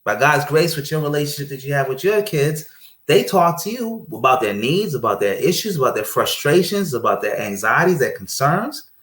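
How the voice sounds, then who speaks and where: A man talking casually about marriage and faith, telling stories and acting out quoted speech with lively energy. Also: on the high side, moderate pace. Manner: animated storyteller, acts out quoted speech. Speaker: guest speaker on marriage. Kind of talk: casual conversational preaching. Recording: roomy echo.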